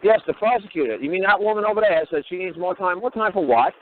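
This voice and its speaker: A man with a somewhat high voice talks bluntly, swearing freely and firing off one rhetorical question after another. He is heard over a tinny, phone-like line, as a speaker on a call-in talk show. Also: lively intonation, quick pace, a little hiss or hum. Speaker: talk show guest lecturer.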